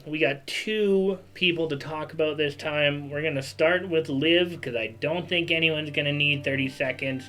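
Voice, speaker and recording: A man's voice: on the high side, pushed and bright, rough recording. A man hosting a casual podcast, running the segments and handing turns to his co-hosts. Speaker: podcast host.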